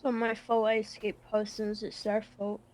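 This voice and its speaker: A woman's voice: medium pitch, monotone, normal speed, a little mellow, natural voice, low-quality recording. A woman playing a blunt, foul-mouthed young woman in a game role-play, her words slightly slurred. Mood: sulky.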